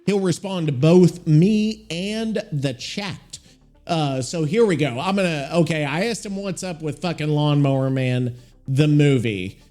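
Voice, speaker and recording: Rambling, swearing podcast host, fairly high voice. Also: male voice, a little slow, darkish tone, soft background music. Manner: rambling, profane, thinks aloud while looking things up. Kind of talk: casual solo podcast chat.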